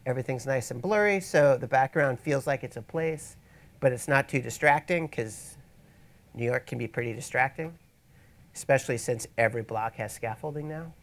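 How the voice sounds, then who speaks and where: Male workshop presenter, gravelly mid-range voice, relaxed teaching tone with wry rambling asides. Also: mid-range voice, normal speed. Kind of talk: casual instructional talk. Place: event space, in front of an audience.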